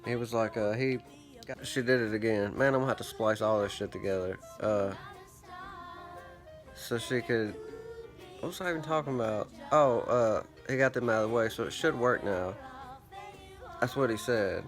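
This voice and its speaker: A man's voice: lowish voice, normal speed, long pauses, faint music behind. A man rambling through a profane, self-mocking story in a casual monologue, his throat parched. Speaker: vlogger.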